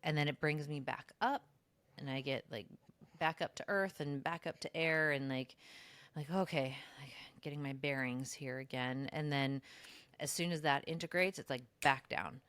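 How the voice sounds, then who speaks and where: A woman's voice: normal speed, fairly bright tone, no room sound. A woman co-hosting a podcast, talking in a reflective, casual way with many fillers. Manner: reflective, lots of "like", slips into high mocking voices when quoting herself. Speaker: podcast co-host. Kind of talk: casual spiritual chat.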